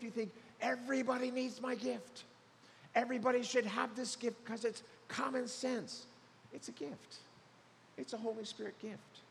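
Lively guy pastor preaching, bit high voice, echoey church hall with faint hiss. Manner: animated, acts out voices of others. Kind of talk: sermon. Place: church sanctuary.

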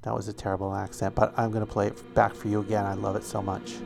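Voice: deep voice, little pitch movement, quick pace, vocal fry, loud music behind the voice. A radio show host talking casually between songs and reading a newspaper piece aloud, enthusiastic and earnest.

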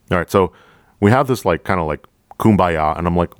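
Deep-voiced profane cop storyteller. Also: male voice, brisk, no room sound, clean studio sound. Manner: profane, animated storyteller acting out dialogue. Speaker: police officer podcast host. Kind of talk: storytelling monologue.

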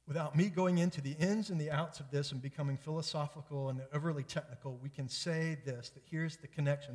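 A man pastor preaching an earnest, emphatic sermon with repetitive build-ups. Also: a little high. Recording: long church reverb.

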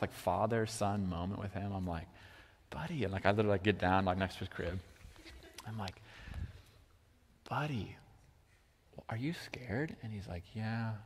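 A young man preaching a sermon about his children in a casual way, full of "like", moving between hushed and loud moments. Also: a little high. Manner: casual, heavy use of "like", swings from hushed to loud. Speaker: pastor. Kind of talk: sermon with personal story. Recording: long hall reverb.

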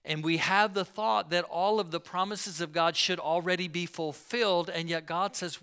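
Bright, clear-voiced storytelling pastor. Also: male voice, sits high, fairly even intonation, moderate pace, few pauses. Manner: storytelling preacher who acts out the people in the story; casual asides to the congregation. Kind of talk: sermon.

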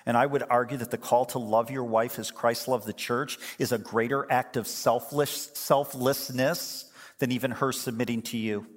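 A man's voice: medium pitch, fairly even intonation, normal speed. Older male pastor, conversational and wry, preaching in a church with long hall reverb. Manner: conversational, humorous storytelling. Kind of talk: sermon.

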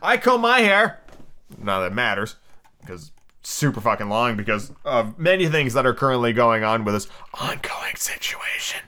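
A man's voice: mid-range voice, very animated, normal speed, sharp tone. A drunk, tired man hosting a solo podcast, rambling and swearing casually between book readings. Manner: rambling, profane, full of fillers. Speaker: podcast host.

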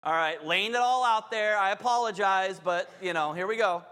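Pastor, male, high-pitched voice, preaching with emphatic, chatty asides, long hall reverb. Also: normal speed, pushed and bright, clear, resonant tone. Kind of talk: sermon.

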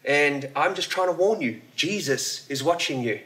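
A pastor telling a joke, voicing a preachy male parrot that keeps warning a burglar, in a slow, raised voice. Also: fairly high pitch, expressive, a bit bright, far from the mic. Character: a preachy male pet parrot, calm and insistent.

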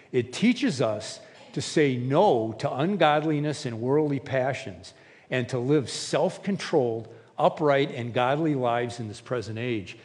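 A man's voice: medium pitch, darkish tone. Conversational male pastor in a reverberant hall. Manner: conversational, acts out quoted lines with restarts. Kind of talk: sermon.

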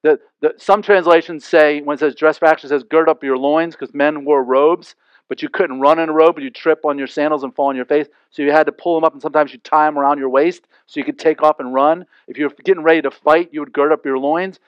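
A man preaching a sermon in a loose, chatty way that keeps checking in with his listeners. His voice sits a little high for a man. The recording sounds slightly dull and very dry. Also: fairly even intonation, fast, smooth, no echo. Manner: conversational, with frequent asides and rhetorical questions. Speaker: pastor.

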